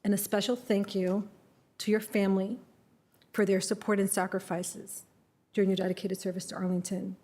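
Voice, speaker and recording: A woman reads a prepared tribute aloud at a public meeting, formal and measured. Her voice is warm and mellow at a medium pitch. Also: little pitch movement. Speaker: county board member.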